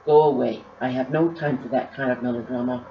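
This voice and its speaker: A woman voicing a gruff, reclusive old woman who keeps an attic, stern and grumbling. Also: very deep voice, lively intonation, a little slow, a little hiss or hum. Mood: irritated. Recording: roomy, slightly dull recording.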